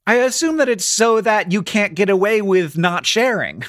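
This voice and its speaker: A man's voice: high voice, very animated, normal speed, fairly bright tone, no room sound, studio quality. A middle-aged man co-hosting a podcast, rambling playfully and laughing often in casual chat. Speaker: podcast co-host.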